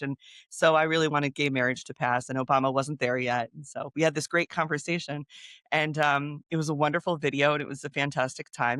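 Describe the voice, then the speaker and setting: A woman in her thirties, a news creator, telling a story in a casual interview, chatty and quick. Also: low-pitched, fairly bright tone, no echo, clean studio sound. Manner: chatty, fast, with quoted voices and laughs.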